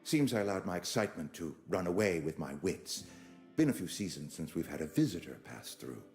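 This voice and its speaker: A man's voice: sits low, sing-song, fairly quick, darkish tone, soft background music. An actor playing a pompous, fussy male colony administrator in a video game, speaking in an overly formal, florid way. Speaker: outpost administrator.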